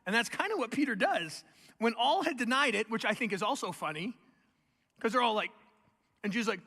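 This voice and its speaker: A young man preaching a sermon, telling the story in a lively, animated way and acting out the voices of its people. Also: high-pitched, brisk, vocal fry. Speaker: pastor. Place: large church hall. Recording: long hall reverb.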